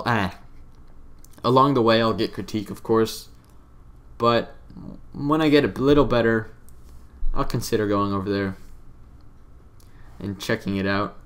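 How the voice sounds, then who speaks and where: Rambling young man, gaming commentary. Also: lowish voice. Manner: rambling, self-deprecating, offhand. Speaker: let's play commentator.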